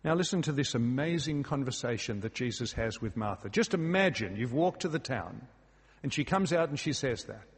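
A man's voice: mid-range voice, expressive, moderate pace, breathy edge, in a large hall. A man preaching a sermon in a church, earnest and emphatic, asking his listeners rhetorical questions. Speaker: pastor.

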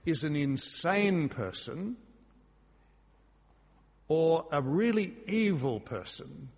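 A man's voice: on the high side, big pitch swings, slow pace, darkish tone, slightly rough, big-room sound. A man preaching a sermon in a church, earnest and emphatic, asking his listeners rhetorical questions. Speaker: pastor.

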